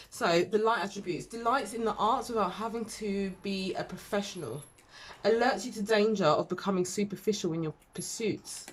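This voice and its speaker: A woman giving a casual tarot reading to camera, chatty and rambling, laughing at herself. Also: medium pitch. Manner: chatty, rambling, self-deprecating, with fillers and laughs. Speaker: tarot reader.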